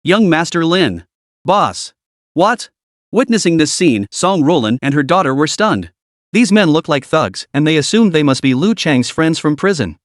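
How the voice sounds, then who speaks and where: A man's voice: on the high side, animated, normal speed, no room sound, studio quality. A man narrating a comic story recap in a dramatic storytelling manner.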